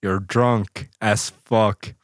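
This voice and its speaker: A man's voice: lowish voice, steady tone, very slow, no echo, studio quality. A man from West Norway co-hosting a podcast in casual chat, easygoing and agreeing often. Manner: easygoing, lots of short agreeing replies. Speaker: podcast co-host.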